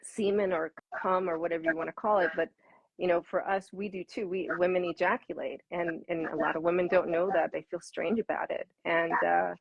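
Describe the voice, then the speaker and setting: A woman coach talks through an interview with animated energy, stacking repeated words for emphasis. Her voice sits a little low and has a husky, breathy edge. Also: fairly quick, muffled recording. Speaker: intimacy coach guest. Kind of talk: conversational interview answers.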